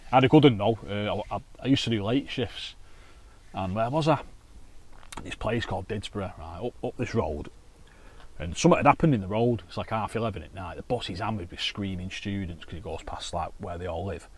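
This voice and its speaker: A man's voice: on the low side, brisk, a little mellow, a little hiss or hum. A man chatting casually to camera outdoors by a lake, telling anecdotes while fishing. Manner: chatty anecdotal storytelling with swearing. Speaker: carp angler and vlogger.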